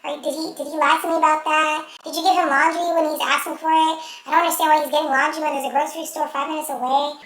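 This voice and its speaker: A woman putting on the voice of a jealous young girlfriend, high and questioning. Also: flat delivery, fast talker, few pauses, fairly bright tone. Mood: suspicious. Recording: echoey room.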